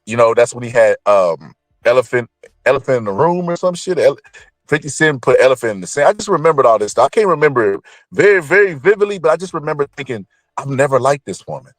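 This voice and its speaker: A man delivers blunt, cursing commentary with a lively, swinging pitch. His voice sits at a middle pitch and sounds dry and close, with no room echo. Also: fast. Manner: blunt, profane, animated ranting. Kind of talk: opinionated celebrity commentary.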